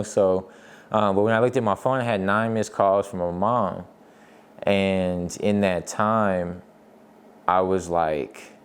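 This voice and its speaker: A young man, a podcast guest, telling a personal story in a quiet, halting way with many restarts. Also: deep voice, clean tone.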